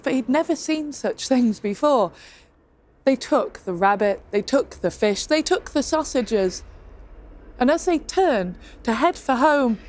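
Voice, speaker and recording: A woman with a fairly high voice tells a folk tale, playful and lively. She drops in asides and little jokes to the listener as she goes. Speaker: storyteller. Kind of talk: oral storytelling.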